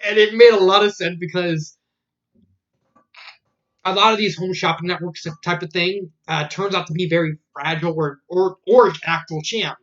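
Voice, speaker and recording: A man's voice: sits high, fairly even intonation, moderate pace, fairly bright tone, highs cut off. A man casually reviewing a fan story, rambling with many fillers and restarts. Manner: rambling, filler-heavy retelling.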